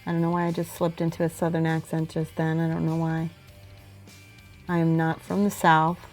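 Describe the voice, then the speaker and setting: A woman livestreaming as she paints miniatures, reading viewer messages aloud and thinking out loud between brushstrokes. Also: sits low, monotone, normal speed, soft background music. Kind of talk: casual livestream chat while painting.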